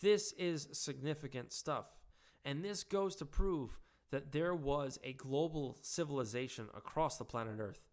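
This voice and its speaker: A man talks through a casual monologue in a somewhat high voice. He is hoarse, his voice close to giving out, and he stumbles and restarts his sentences often. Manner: halting, with frequent restarts and fillers.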